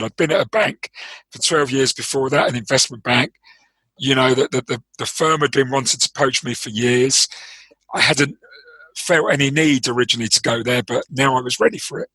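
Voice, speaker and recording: London-accented coach, bright and slightly husky, explains at length and often restarts his sentences. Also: medium pitch, normal speed, no room sound, low-quality recording. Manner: thoughtful, explanatory, with frequent restarts and repeated words. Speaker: trading performance coach, interview guest. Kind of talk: interview conversation.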